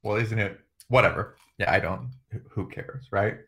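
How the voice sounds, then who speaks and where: A man's voice: on the low side, moderate pace, a bit bright. A man co-hosting a stream, chatting casually and profanely, joking and laughing often. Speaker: streamer co-host.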